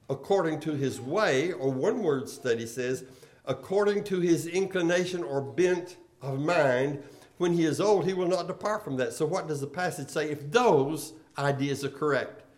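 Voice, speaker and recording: A man preaching a sermon, posing rhetorical questions and swinging between emphatic and quiet delivery. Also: a little high. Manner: rhetorical questions, emphatic rises and drops in volume.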